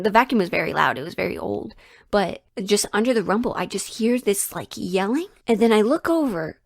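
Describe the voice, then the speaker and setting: A woman's voice: medium pitch, no room sound. Young woman, casual storytime narrator, chatty and conversational, dry close sound. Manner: chatty, conversational, full of "like" and asides.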